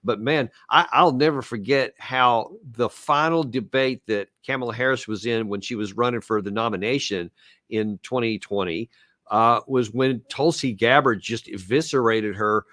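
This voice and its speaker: A man's voice: medium pitch, moderate pace, fairly bright tone, no echo. Conversational male host, dry sound. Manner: conversational, probing, chuckles. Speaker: podcast host. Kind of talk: interview questions and commentary.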